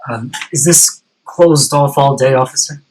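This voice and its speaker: A man's voice: mid-range voice, unhurried, a little mellow, slight background noise, lightly acted, low-quality recording. A man reading the part of a harried male warehouse worker in a screenplay table reading, hesitant and stammering. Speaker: script reader.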